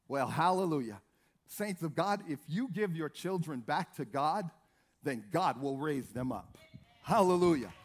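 A man's voice: high voice, very animated, moderate pace. A man preaching a sermon in an emphatic, repetitive way, calling out hallelujah.

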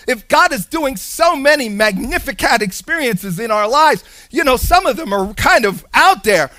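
A man preaching a sermon with animated delivery, acting out Bible characters in playful voices. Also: high voice, no echo. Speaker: pastor.

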